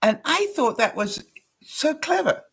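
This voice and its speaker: A woman's voice: high-pitched, very animated, a little slow, gravelly. An older woman from Canada, a vlogger telling a personal story in a chatty way, laughing often and acting out the lines of the people she quotes. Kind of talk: casual storytelling to camera.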